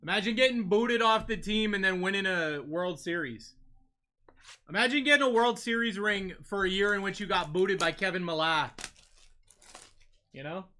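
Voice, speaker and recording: A man's voice: sits high, moderate pace. A young man with a New England accent hosting a live card-break stream, calling out player names and chatting with viewers. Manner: lively, calls out names, chats with viewers. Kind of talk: live-stream chat while opening cards.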